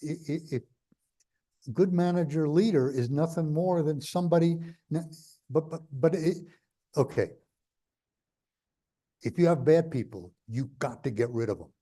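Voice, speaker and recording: As a guest in an on-stage conversational interview, an older New York man tells blunt, rambling, jokey stories. He speaks a little slowly in a warm, high-leaning voice, with long pauses.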